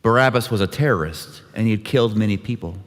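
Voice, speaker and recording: A man's voice: lowish voice, fast talker. A man leading a church service, telling a scripture story with light voicing of each character. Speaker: worship leader. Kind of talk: dramatic scripture retelling. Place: church sanctuary. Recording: long hall reverb.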